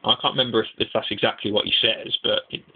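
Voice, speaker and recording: A young man giving a casual, rambling anime review, excitable and swearing freely. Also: fairly low pitch, fast talker, husky. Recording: tinny lo-fi mic.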